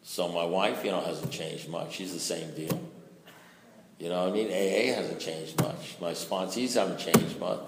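A man sharing his story as a recovering alcoholic at a recovery meeting, in a conversational way full of "you know"s that rises to loud bursts. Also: low voice, normal speed, noisy background. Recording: echoey hall reverb.

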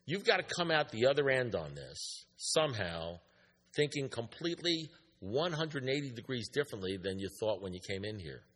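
A man's voice: mid-range voice, a bit bright. A man speaking to a recovery group, telling a story with emphasis, repeating his points and asking the room questions. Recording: echoey hall.

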